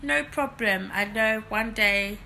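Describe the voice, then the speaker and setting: A woman's voice: medium pitch, slow, vocal fry, sharp tone, slight background noise, exaggerated voice, low-quality recording. A woman quoting a friendly older man who is eager to marry off his sons, in a cheerful, matter-of-fact way.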